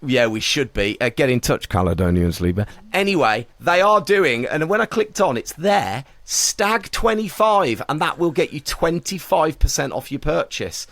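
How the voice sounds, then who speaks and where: A man's voice: on the high side, big pitch swings, moderate pace, few pauses, a bit bright, no room sound. A man, co-hosting a podcast and quizzing his friends in a playful way. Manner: playful quizmaster. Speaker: podcast co-host. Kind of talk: casual chat.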